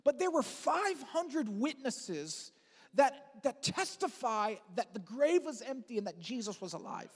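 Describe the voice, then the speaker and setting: A lead pastor giving an Easter sermon in an energetic, conversational way with casual asides and fillers. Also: sits high, unhurried, long reverb tail. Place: large church auditorium.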